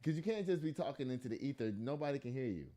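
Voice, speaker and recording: A man's voice: medium pitch, expressive, racing, dark tone. A man hosting a casual news podcast, reading stories aloud and breaking off into exasperated, joking asides. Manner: laughs and jokes often. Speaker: podcast host.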